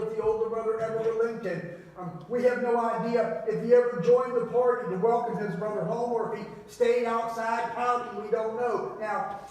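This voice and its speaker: A man preaching a sermon, telling the story with big swings between loud and hushed delivery. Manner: animated storytelling with wide swings in pitch and volume. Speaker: pastor. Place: church sanctuary. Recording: very echoey church hall, mic at a distance.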